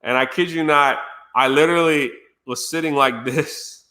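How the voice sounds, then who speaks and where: A man's voice: fairly high pitch, moderate pace, sharp tone. A man streamer telling a story casually and animatedly, laughing and acting out quotes. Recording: roomy echo.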